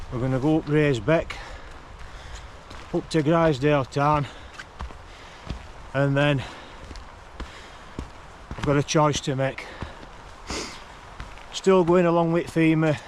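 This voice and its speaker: A hiking vlogger with a fairly high voice is out of breath as he climbs a forest track outdoors, walking uphill. He chats in a rambling, unhurried way, with a little hiss or hum in the recording.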